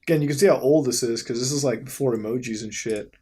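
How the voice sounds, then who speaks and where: Clicking through websites, a male host rambles along in casual commentary, cursing without restraint and frequently letting out high-pitched laughs. He talks quickly, with a mellow tone and a breathy edge.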